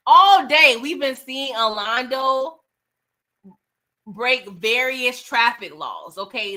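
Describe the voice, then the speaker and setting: Bright, slightly high woman for a casual, slangy film recap. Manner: chatty, slangy, tags lines with "okay?" and "right?". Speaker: movie reviewer.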